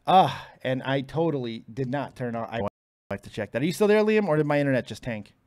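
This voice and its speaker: A man's voice: medium pitch, animated, fairly quick, darkish tone, dry recording. A man hosting a casual live stream from home, frustrated and swearing freely between bursts of laughter. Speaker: podcast host.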